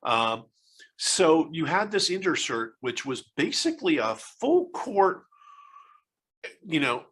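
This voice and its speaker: Interview guest: American man, 60s, bright forceful voice, rambling with lots of ums and restarts. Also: on the high side, sing-song, takes it slowly, long pauses, breathy edge. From United States. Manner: rambling, hesitant storyteller with many fillers and restarts. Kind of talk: casual interview conversation.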